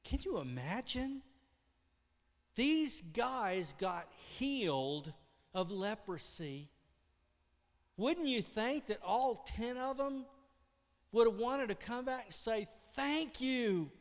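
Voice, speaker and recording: A high-voiced man preaches in a church sanctuary, telling the story with great animation and acting out the voices. He swings from loud outbursts to near-whispered lines. His voice rings with the long reverb of a large church hall. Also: animated, slow pace, long pauses. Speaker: pastor. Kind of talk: sermon.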